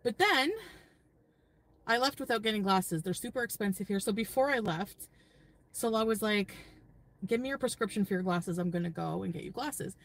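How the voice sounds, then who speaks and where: A woman's voice: medium pitch, normal speed. A woman vlogging casually from her parked car, rambling about her trip and her channel. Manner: rambling, chatty.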